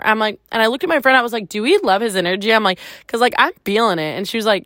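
A woman tells a personal story on her podcast in a loose, candid, chatty way, peppered with "like" and the odd swear word. Her voice sits at an ordinary middle pitch. The sound is dry, with no room around it. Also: fast, hardly any pauses, fairly bright tone, no room sound. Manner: casual, chatty, heavy use of "like", swears freely. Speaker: podcast host.

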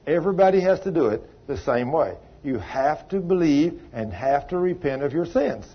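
A man's voice: a little high, expressive, normal speed, breathy edge, dull audio. A man preaching a sermon, folksy and emphatic, telling a story with sudden exclamations.

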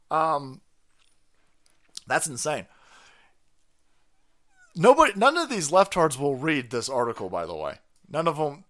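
A man hosting a livestream, ranting in a profane, sarcastic, mocking way with sudden loud outbursts. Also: a little high. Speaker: livestream commentator. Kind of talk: profane political rant.

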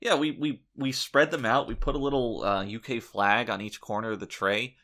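Gravelly guy on a comedy podcast, bright edgy tone, mock-outraged and cussing. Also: medium pitch, steady tone, moderate pace. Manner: mock-indignant, swears freely. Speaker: podcast co-host. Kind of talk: comedic in-character podcast chat.

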